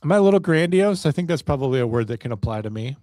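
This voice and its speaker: Male podcast host, rambling solo talk, self-mocking, mid-pitched voice, dry close sound. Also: expressive, very fast, mellow, no echo. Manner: self-deprecating, wry and meandering.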